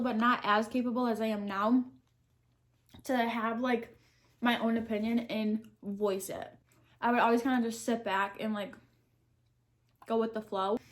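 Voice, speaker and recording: A young woman answering question cards while eating, talking candidly and thinking aloud. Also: a little high. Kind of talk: casual mukbang chat.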